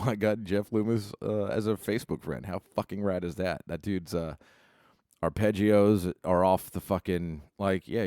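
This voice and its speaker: A man's voice: low voice, a little mellow, dry recording, clean studio sound. A man vlogging, telling a rambling story in a casual, profane, laid-back way. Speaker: musician.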